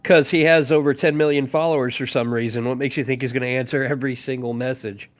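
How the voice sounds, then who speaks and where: A man's voice: mid-range voice, steady tone, quick pace. A man hosting a podcast, chatting casually and riffing sarcastically. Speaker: podcast host. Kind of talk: casual chat.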